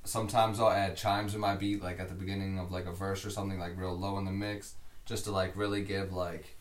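Low-voiced man rambling, from a distant mic. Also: fairly quick, roomy sound. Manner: relaxed, rambling with many "like" fillers. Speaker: podcast host and music producer. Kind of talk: casual podcast chat.

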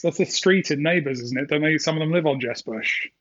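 A man's voice: fairly high pitch, a little fast, fairly bright tone, lo-fi sound. A man co-hosting a podcast in casual chat, with dry, sarcastic teasing. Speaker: podcast co-host.

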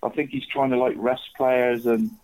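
With a medium-pitched, slightly mellow voice, moderate pace and little pitch movement, a football tipster co-hosting a podcast rambles casually. He calls everyone "mate", and the recording has a tinny, phone-like quality.

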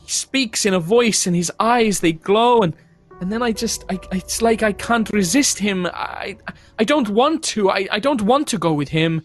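A man voicing a frightened young noblewoman haunted by a vampire, stammering and halting. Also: a little high, lively intonation, soft background music, voice pushed up. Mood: distraught. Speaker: game master voicing a character.

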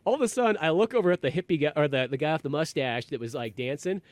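A man hosting a podcast, telling a rambling, animated story in casual chat and acting out quotes in a raised voice. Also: a little high, quick pace, no echo. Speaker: podcast host.

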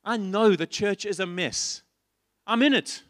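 A man's voice: high voice, measured pace, fairly bright tone, no echo, clean studio sound. A man preaching a sermon in church, passionate and repetitive, asking his listeners rhetorical questions. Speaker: pastor.

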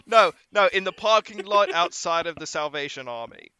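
High, smooth-voiced playful man. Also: expressive, moderate pace, bright, forceful tone, dry recording. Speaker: podcast co-host. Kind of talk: casual film discussion.

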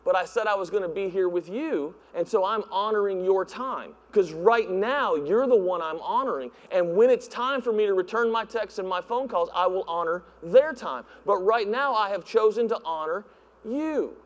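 A male pastor preaching in a church, animated and acting out voices with laughs. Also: high-pitched, normal speed. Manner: animated, acts out voices, laughs at own jokes. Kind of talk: sermon. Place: church sanctuary. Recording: long hall reverb.

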